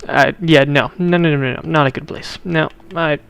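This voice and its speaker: Gravelly man chatting while gaming. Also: on the high side, fairly even intonation, moderate pace, a bit bright. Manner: blunt, opinionated, talks to chat viewers. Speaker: livestreamer. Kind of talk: casual chat while playing a video game.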